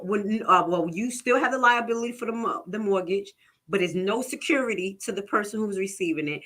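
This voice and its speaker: A woman's voice: medium pitch, brisk, bright, forceful tone. A woman giving a casual, chatty lesson, reading legal text aloud and explaining it in plain talk. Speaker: tax lien investing instructor. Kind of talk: casual teaching webinar.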